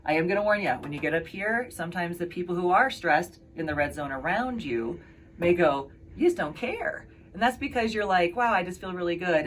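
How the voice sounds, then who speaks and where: A woman's voice: low-pitched, a little hiss or hum. A woman giving a casual health talk to camera, chatty and conversational, often checking in with "right?" and "okay?". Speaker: health practitioner.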